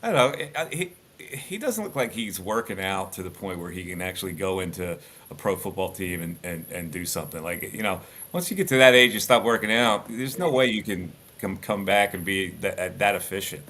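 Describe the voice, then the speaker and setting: A low-voiced, middle-aged man speaks briskly, a former sports radio host telling stories bluntly during a casual podcast chat. His delivery is animated, with plenty of restarts.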